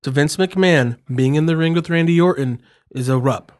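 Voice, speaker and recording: A man's voice: fairly high pitch, moderate pace, a little mellow. Matter-of-fact man explaining casually. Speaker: podcast co-host. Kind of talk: casual chat.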